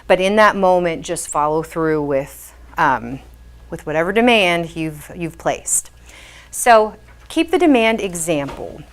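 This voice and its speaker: A woman's voice: fairly low pitch, expressive, unhurried. A woman behavior specialist giving a patient, explanatory talk to parents, with frequent fillers as she explains.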